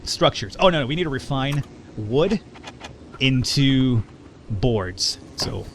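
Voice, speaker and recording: A man's voice: medium pitch, takes it slowly, slight background noise. A man hosting a casual let's play, chatting and joking as he plays. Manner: chatty, jokey, animated. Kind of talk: casual gameplay commentary.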